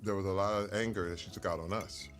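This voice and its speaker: A man telling stories from his life in casual conversation over a meal, animated and earnest, sometimes getting emotional. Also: low voice, fast, faint music behind. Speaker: guest.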